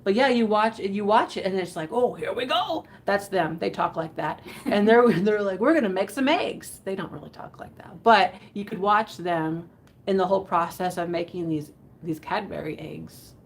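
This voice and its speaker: A woman's voice: mid-range voice, moderate pace. A woman hosting a live online vintage sale in a casual, chatty, giggly way that rambles. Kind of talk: casual live selling chat. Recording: faint background noise.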